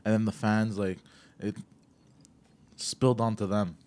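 A man's voice: lowish voice, flat delivery, measured pace, darkish tone. A man co-hosting a comedy podcast, chatting casually in a dry, trailing way. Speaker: podcast co-host.

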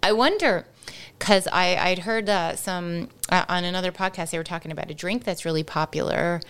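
A woman from North America co-hosting a casual podcast in a chatty, relaxed way. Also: lowish voice, clean tone. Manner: chatty, relaxed, quick to laugh. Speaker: podcast co-host. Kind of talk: casual chat.

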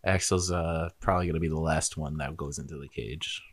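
A man's voice: very deep voice, steady tone, fairly quick, no echo, studio quality. A man playing a tabletop game, chatting casually with some swearing. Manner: casual, profane. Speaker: player.

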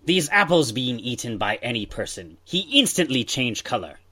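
A man's voice: mid-range voice, sing-song, normal speed. A man putting on an old-timey pirate voice to read an explorer's account aloud. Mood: theatrical. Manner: loud theatrical pirate recitation. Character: old-timey male pirate chronicler, gruff.

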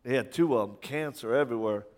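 Brief: male preacher, mid pitch, fervent sermon with stammered restarts and pointed questions, long hall reverb. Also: fast. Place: church sanctuary.

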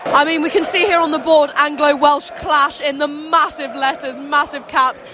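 A woman's voice: high voice, steady tone, moderate pace, background noise. A young woman giving casual rugby co-commentary from a stadium stand, chatty and full of fillers. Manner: chatty, many "I mean" and "um" fillers. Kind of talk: casual match analysis.

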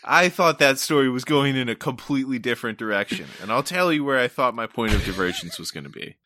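A man with a bright, sharp voice jokes and teases his co-host in casual podcast banter. His pitch swings widely as he talks. The recording is dry and close. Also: expressive, no room sound. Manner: joking, teasing, quick jabs.

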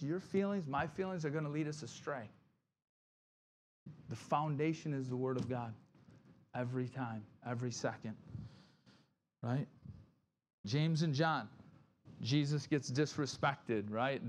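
In a mid-range voice, a male pastor gives a conversational sermon, regularly asking "right?" and voicing Bible figures through rapid quoted lines.

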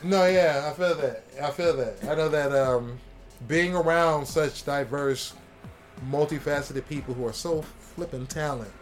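A middle-aged man who works as a comic artist, talking casually in a rambling, profane, animated way. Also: fairly high pitch, a little slow, soft background music. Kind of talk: casual chat.

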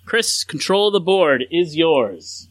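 A man hosting a casual trivia game among friends, reading out questions and multiple-choice answers deliberately. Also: a little high, lively intonation, no room sound. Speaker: trivia quiz host. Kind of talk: casual game-show chat.

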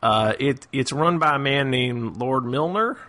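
A man's voice: medium pitch, a little slow, sharp tone. A man voicing a rustic villager in a put-on Southern US drawl, rambling in a roundabout, folksy way, in a tabletop role-play.

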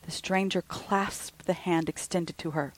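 A woman hosting a podcast, reading a ghost story aloud in a slow, hushed way. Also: fairly low pitch, fairly even intonation, rough recording. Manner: slow, breathy, with soft hushed passages.

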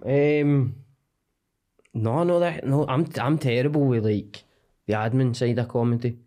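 A man's voice: mid-range voice, a little slow, dark tone. A young Scottish man, a comedian guest, rambling and self-deprecating in casual podcast chat.

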